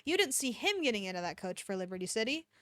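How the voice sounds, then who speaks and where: A woman's voice: fairly high pitch, big pitch swings, fairly bright tone, dry recording. A woman reading aloud as a sly teenage boy who taunts and teases with a mocking drawl. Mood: taunting. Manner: mocking, drawn-out teasing.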